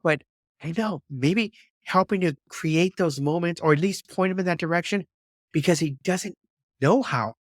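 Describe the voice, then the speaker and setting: A man's voice: fairly high pitch, normal speed, dry recording, studio quality. Encouraging male podcast host. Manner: encouraging, emphatic, repeats words. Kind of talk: conversational interview.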